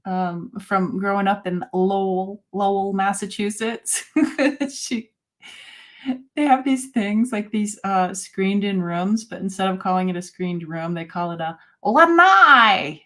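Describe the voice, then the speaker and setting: A woman in her forties hosting a casual live chat, talking in a halting way with many fillers and soft laughs. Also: mid-range voice. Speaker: host.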